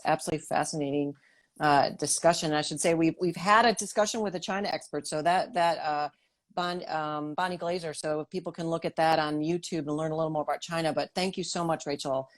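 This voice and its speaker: A woman hosting a political interview, talking thoughtfully with many restarts. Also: deep voice. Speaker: host. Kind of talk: interview talk.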